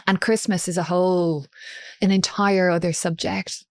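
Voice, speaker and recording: A woman's voice: fairly low pitch, fairly even intonation, moderate pace, no room sound, clean studio sound. An Irish woman guest on a podcast, telling stories in a chatty way and laughing often. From Ireland. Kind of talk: casual chat.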